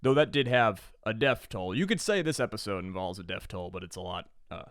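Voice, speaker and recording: A man's voice: fairly low pitch, animated, fairly quick, clean tone, dry recording, clean studio sound. A man from Georgia co-hosting a podcast, talking in a rambling, sardonic, profane way. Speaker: podcast co-host. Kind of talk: casual podcast chat.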